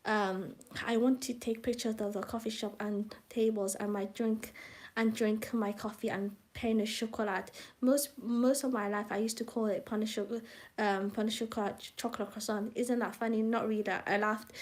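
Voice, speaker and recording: Young woman, fairly high voice, live reader of her own book, halting and self-conscious, talks to chat between passages. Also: level tone, darkish tone. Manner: rambling, self-conscious, halting with restarts and asides to viewers. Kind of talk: live casual reading and chat.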